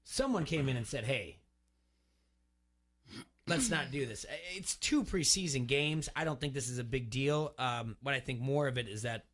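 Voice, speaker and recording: A man's voice: medium pitch, lively intonation, a little fast, hardly any pauses, a bit bright. A man co-hosting a sports talk radio show from the studio, talking in a rambling way with many restarts. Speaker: radio co-host.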